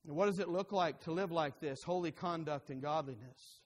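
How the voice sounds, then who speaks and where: Man preaching a sermon, fairly high voice, fervent then hushed, long hall reverb. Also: fairly quick. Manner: rises to fervent urging, then drops low and quiet. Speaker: pastor.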